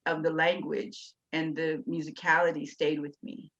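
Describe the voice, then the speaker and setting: A woman's voice: low-pitched, level tone, moderate pace, fairly bright tone. A woman poet as an interview guest, talking candidly and chattily about how she started writing. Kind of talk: casual interview talk. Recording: dull, lo-fi sound.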